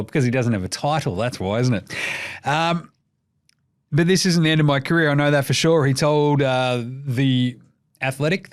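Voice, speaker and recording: A young Australian man hosts a casual basketball show, swearing freely and cracking jokes as he goes. His voice rises and falls a lot, keeping the delivery animated. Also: mid-range voice. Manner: profane, joking, animated. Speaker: basketball podcast host.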